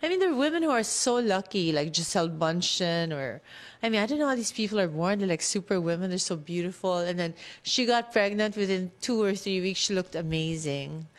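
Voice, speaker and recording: A woman's voice: fairly low pitch, lively intonation, brisk. A woman who works as a skin doctor, explaining treatments plainly in a casual radio chat.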